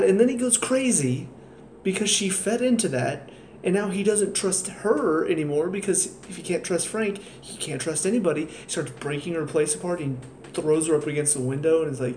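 At a normal speed, a man with a fairly high, slightly mellow voice gives a weary, exasperated review of a TV episode, ranting and tossing in sarcastic asides. The roomy-sounding recording carries faint ambience and slight background noise.

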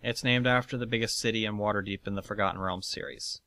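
A man's voice: lowish voice, steady tone, fast, background noise. A man hosting a let's play, chatting casually and swearing as he guides a tour through a game world. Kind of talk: casual gameplay commentary.

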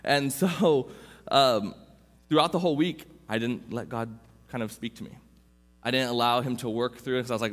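A young man gives a sermon in an easygoing, storytelling way, often restarting his sentences. His voice sits at an ordinary middle pitch. A long reverb from the church hall trails after his words. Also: moderate pace. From Southern California. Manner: informal, personal storytelling with restarts. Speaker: youth pastor. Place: church sanctuary.

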